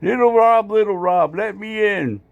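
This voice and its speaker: A man putting on a high pleading voice for his barking shop dog. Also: measured pace, vocal fry, muffled recording. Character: female dog begging at the door.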